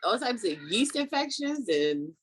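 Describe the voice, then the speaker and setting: A woman's voice: a little high, very animated, a little slow, breathy edge, dry recording. A woman co-hosting a podcast in casual banter, teasing and laughing often. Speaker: podcast co-host.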